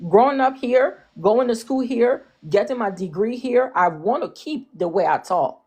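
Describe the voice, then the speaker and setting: A woman in her forties with a Liberian accent, speaking as a panelist and defending herself in a forceful, lecturing way. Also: fairly high pitch, moderate pace, slightly rough. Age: 40s. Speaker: panelist on a live audio discussion. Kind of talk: heated discussion.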